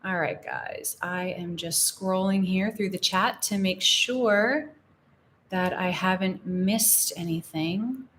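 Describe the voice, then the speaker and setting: A young American woman teaching English in a live Q&A, explaining phrases slowly and repeating examples. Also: mid-range voice, fairly bright tone, slight background noise. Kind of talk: live-stream Q&A lesson.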